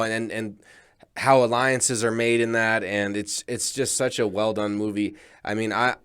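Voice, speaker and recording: Low-voiced male co-host, hesitant, searches for his words. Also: a bit bright, smooth. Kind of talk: casual chat.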